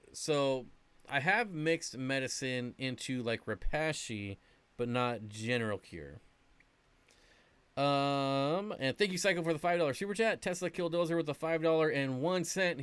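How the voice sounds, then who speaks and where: An unhurried man with a medium-pitched, somewhat bright, smooth voice hosts an aquarium livestream with no room sound. His talk is casual and rambling, full of fillers, as he answers questions from viewers.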